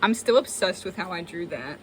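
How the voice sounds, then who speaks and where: A woman's voice: on the low side, moderate pace, a little hiss or hum. A young woman giving a casual, self-mocking tour of her old sketchbook as a vlogger. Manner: chatty, self-mocking, animated. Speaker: artist and vlogger.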